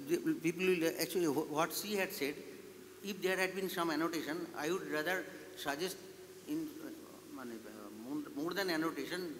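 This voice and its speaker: A man with a somewhat high voice raises formal, critical questions at a public event. The sound carries a long hall reverb, with faint background noise and a low hum. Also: fairly bright tone. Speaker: audience member. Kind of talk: critical comment at public discussion. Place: exhibition hall.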